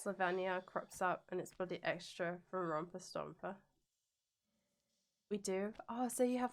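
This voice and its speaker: A woman's voice: on the low side, steady tone, normal speed, gravelly. A young woman streaming a game and chatting casually with viewers, playful and giggly, singing silly jingles between remarks.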